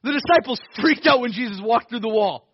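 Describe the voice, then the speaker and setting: A man preaching a sermon in a lively, conversational way, with bursts of shouting and frequent laughs. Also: very high-pitched, a little fast, slightly rough, dry recording, highs cut off. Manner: conversational, with laughs and self-corrections. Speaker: pastor.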